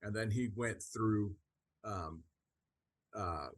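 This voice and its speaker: Spiritual ideas are the topic as this podcast co-host, a man with a husky, low voice, explains things earnestly. His sentences often start over, and the whole thing feels like relaxed, conversational teaching.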